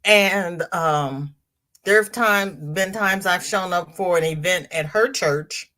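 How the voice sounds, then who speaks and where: Speaking slowly in a lowish, sharp-toned voice, an older woman runs a crochet livestream. She's chatty and casual, calling out viewers by name, reading their comments aloud and repeating phrases for emphasis.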